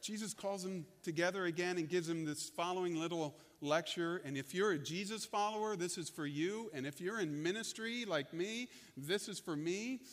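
Animated high-voiced male pastor preaching. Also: moderate pace, hardly any pauses, in a large hall. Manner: animated storytelling, acts out quotes. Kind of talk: sermon.

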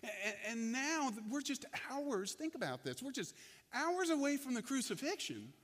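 Animated high-voiced male pastor preaching. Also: normal speed, big-room sound. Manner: animated storytelling, acts out quotes. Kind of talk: sermon.

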